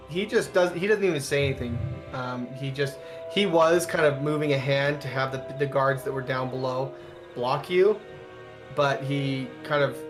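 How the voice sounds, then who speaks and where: A man narrating a tabletop game as game master, in loose, rambling sentences full of fillers. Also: medium pitch.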